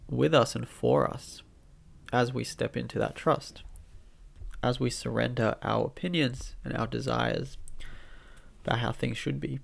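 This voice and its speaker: A man gives an unhurried spiritual talk through a blocked nose, so his voice comes out nasal. Deep fry rasps under his words. His pitch sits mid-range, and he muses softly with small restarts.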